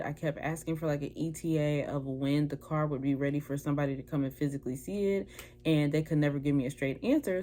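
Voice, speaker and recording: A woman's voice: deep voice, warm tone. A young woman vlogger telling a personal story in a casual, chatty way, acting out what people said in different voices. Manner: chatty, acts out quoted dialogue in altered voices.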